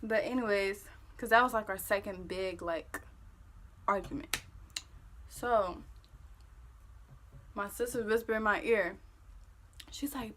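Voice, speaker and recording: A young woman vlogger telling a story-time tale in casual, profane, animated talk that gets loud when she replays an argument. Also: medium pitch, slow pace, long pauses, slight background noise.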